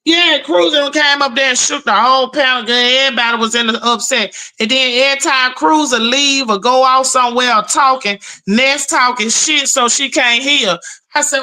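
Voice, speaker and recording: A woman's voice: sits high, normal speed, bright, forceful tone, poor audio. Brash, profane woman ranting on stream. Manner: brash, profane, mocking call-outs. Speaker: livestream host. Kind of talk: ranting live stream commentary.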